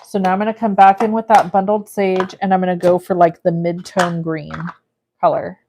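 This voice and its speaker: A woman's voice: fairly low pitch, flat delivery, normal speed, background noise. A woman hosting a live card-making stream, chatting casually and thinking aloud as she works and reads viewer comments. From California. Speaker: crafting livestream host. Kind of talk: casual live crafting demo.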